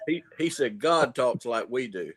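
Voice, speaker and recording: Brief: Southern man, coin-dealer guest, folksy yarn-spinner, mid pitch, restarts and repeats. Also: animated, a little slow, fairly bright tone, slightly rough. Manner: folksy storyteller, repeats words as he goes. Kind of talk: casual livestream chat.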